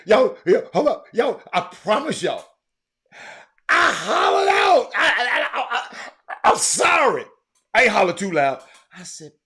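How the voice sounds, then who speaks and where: Animated high-voiced man ranting. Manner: animated, exasperated, hollering. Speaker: host. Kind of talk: ranting monologue.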